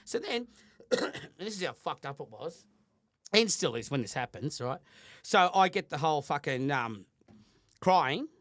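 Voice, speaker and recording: An Australian man in middle age tells a story with a constant stream of swearing. His pitch swings widely. The recording is close and dry, with no room sound. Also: very animated, a little slow, a bit bright, dry recording. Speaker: podcast co-host. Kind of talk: casual podcast chat.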